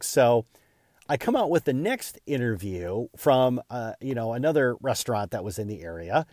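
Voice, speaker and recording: A man hosting his own podcast, telling a casual, self-deprecating story with lively retelling and many restarts. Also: mid-range voice, moderate pace, dry recording, clean studio sound. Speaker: podcast host.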